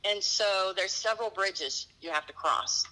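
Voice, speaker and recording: A woman's voice: medium pitch, measured pace, sharp tone, low-quality recording. A middle-aged woman earnestly recounting a personal story, acting out the dialogue. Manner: earnest, vivid retelling with quoted dialogue. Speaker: guest telling her story.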